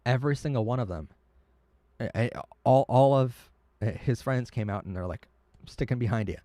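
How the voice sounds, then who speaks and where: A man hosting a live stream in an earnest, emotional way, tripping over his words as he goes. His voice sits at an ordinary middle pitch. It is recorded dry and close, with no room sound. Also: normal speed, mellow, no echo. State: tearing up. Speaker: livestream host.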